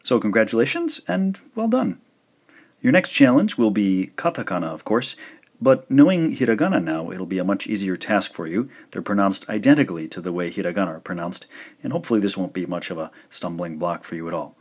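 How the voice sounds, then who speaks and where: A man narrating a recorded language lesson, speaking slowly and carefully and repeating each pronunciation. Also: low voice, big pitch swings, a little mellow, husky. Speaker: language teacher.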